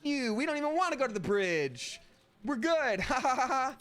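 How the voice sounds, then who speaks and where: A man putting on a high, cackling voice to mock guards he has tricked. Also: wildly swooping pitch, slow pace, fairly bright tone, heavily acted. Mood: taunting. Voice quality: cackling, sing-song taunting. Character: mocking, taunting guard crowd.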